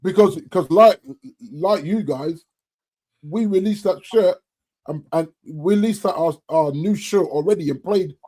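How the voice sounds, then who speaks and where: A man on a football podcast panel, telling animated stories in casual chat. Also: high-pitched, unhurried.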